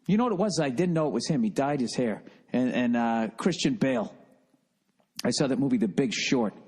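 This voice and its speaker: A man's voice: mid-range voice, animated, fairly quick, a little mellow, slightly rough. A middle-aged man with a Boston accent hosting a solo podcast, rambling in a profane, self-mocking and distracted way. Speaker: podcast host.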